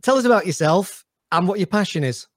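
A man's voice: high voice, expressive, a little fast, no room sound, studio quality. A man hosting a podcast interview, chatty and upbeat in a casual conversation. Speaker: podcast host.

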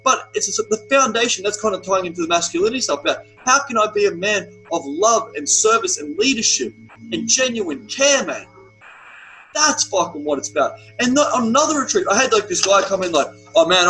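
A man's voice: sits high, expressive, brisk, sharp tone, faint music behind, low-quality recording. A young man who coaches men's retreats, talking bluntly and with lots of profanity while telling stories as a guest on a podcast. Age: young adult. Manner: blunt, profane, emphatic storytelling. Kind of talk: podcast conversation.

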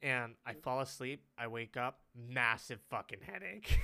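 A man's voice: medium pitch, lively intonation, a little slow, creaky, bright, forceful tone. A young man telling a story in casual chat, rambling with lots of fillers and laughing often.

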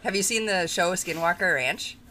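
A woman co-hosting a podcast in casual chat, excitable and gushing, quick to laugh, with chatter in the background. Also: fairly low pitch, background noise. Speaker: podcast co-host.

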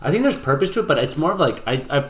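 A man's voice: on the high side, sing-song, fairly bright tone. A man who works as a personal trainer, co-hosting a casual fitness podcast and talking loosely with lots of fillers and restarts. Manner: fast, loose talk full of "like" and restarts.

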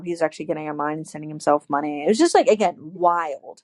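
A woman in her twenties telling a personal story in casual chat, animated, acting out quotes and saying "like" a lot. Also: low voice, fast, few pauses, no room sound. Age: 20s.

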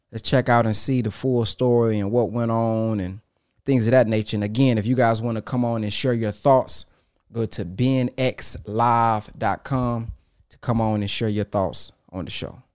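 A man's voice: medium pitch, darkish tone, no echo, clean studio sound. A man hosting an online commentary show, casually plugging a website and introducing the next story. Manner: casual, promotional. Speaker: show host.

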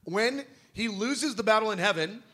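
A man's voice: high-pitched, lively intonation, normal speed, bright, forceful tone. A man preaching a sermon in a conversational, emphatic way, firing off rhetorical questions.

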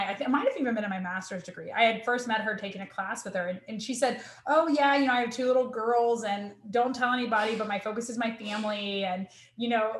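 Guest spot: earnest female academic, a bit high-voiced, roomy echo on the recording. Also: fairly bright tone. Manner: earnest, emotional, with many restarts. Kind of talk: candid personal storytelling.

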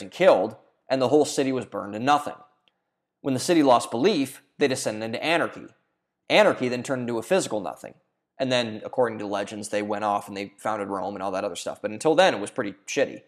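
Man, mid-range voice, essayist narrating from a script; earnest, casual asides, occasional restarts. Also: mid-range voice. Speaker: video essayist. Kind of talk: reading a scripted video essay.

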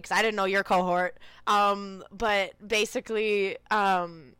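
A young woman, telling stories fast and swearing freely as a podcast guest over a video call. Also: mid-range voice, fairly even intonation, bright, forceful tone, smooth, no echo. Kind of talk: casual storytelling chat.

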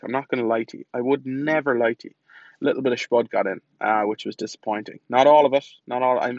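A man's voice: mid-range voice, dry recording, lo-fi sound. Chatty man, dry close sound. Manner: chatty, self-mocking, sweary storytelling. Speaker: podcast host. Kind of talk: casual diary-style monologue.

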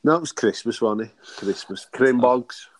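A man's voice: medium pitch, moderate pace, a crowd in the background. A man co-hosting a casual chat, trading crude jokes and laughing often over a remote call. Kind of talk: casual banter.

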